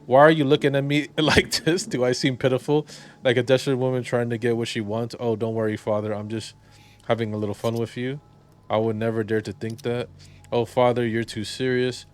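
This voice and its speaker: Flirty tipsy lady teasing a priest, a guy reading her subtitles, kinda middle pitch. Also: flat delivery, a little fast, lightly acted. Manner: reads game subtitles aloud, teasing.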